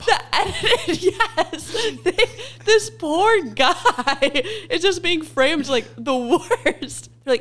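A woman co-hosting a podcast in casual chat, bubbly and animated, laughing often as she talks. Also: very high-pitched, takes it slowly, few pauses. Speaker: podcast co-host.

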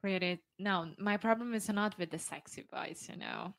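A woman's voice: medium pitch, normal speed, vocal fry, no echo. Giggly Brazilian woman practicing English. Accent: Brazilian Portuguese. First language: Portuguese. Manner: chatty, giggly learner. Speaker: student. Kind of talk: casual pronunciation practice.

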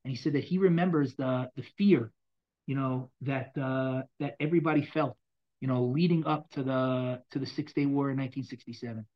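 Male Bible teacher, dramatic and lively, mid-range voice, lo-fi muffled sound. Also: medium pitch, brisk. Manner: animated, dramatic, swings between loud bursts and quiet asides. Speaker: Torah teacher. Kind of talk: Bible class, reading verses and explaining.

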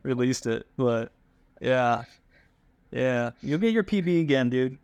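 A man's voice: medium pitch, unhurried, clear, resonant tone, no echo, dull audio. Chatty storytelling man, dry sound. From Hawaii. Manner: animated, full of fillers and restarts. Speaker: guest, pro bass angler. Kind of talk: casual storytelling.

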